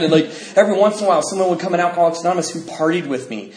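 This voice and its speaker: A man sharing his recovery story with a meeting, lively, acting out what people said and laughing often. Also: high voice, rapid-fire, few pauses. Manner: animated, acts out quoted dialogue, laughs often. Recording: echoey room, faint noise.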